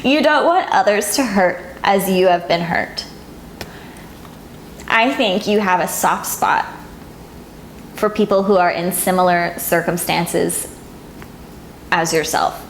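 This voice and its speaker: A woman giving a tarot reading straight to the camera, earnest and tender, often slowing down. She speaks at a medium pitch in an echoey room. A faint hiss sits under her voice. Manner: soft, emotional, gets teary and laughs. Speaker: tarot reader.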